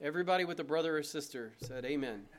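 A man's voice: a little high, fast talker. A man preaching a sermon from the pulpit, emphatic and conversational, with asides to the congregation. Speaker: pastor. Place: church.

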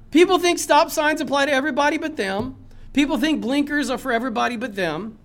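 A man preaching a sermon in a church, impassioned, swinging from loud emphasis to low earnest tones. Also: fast. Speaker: pastor.

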